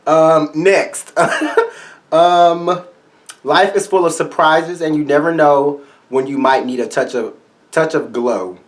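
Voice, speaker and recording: A man with a slightly high voice gives a makeup review vlog. He is sassy and flamboyant, with a salty edge, and talks straight to his viewers. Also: steady tone, slow. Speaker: beauty vlogger.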